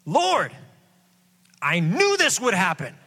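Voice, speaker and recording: A man's voice: high voice, huge pitch swings, slow pace, sharp tone, voice pushed up, full character voice. A sulking prophet whines and complains in a raised, strained voice, as a preacher puts him on. The voice climbs well above a normal man's range, full of exasperation. A long hall reverb trails every word. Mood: exasperated. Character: whiny, sulking adult male prophet.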